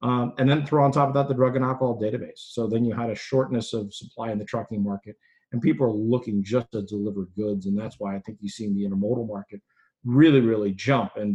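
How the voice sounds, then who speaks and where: A man's voice: on the low side, a little mellow, rough recording. A man answering interview questions as an industry analyst, thinking aloud with frequent fillers and restarts. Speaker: freight industry analyst guest.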